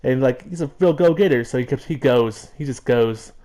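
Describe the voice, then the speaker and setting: A man's voice: medium pitch, moderate pace, warm tone. A man casually narrating his game footage in a rambling way, full of fillers and chuckles. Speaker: gameplay narrator. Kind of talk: casual let's-play commentary.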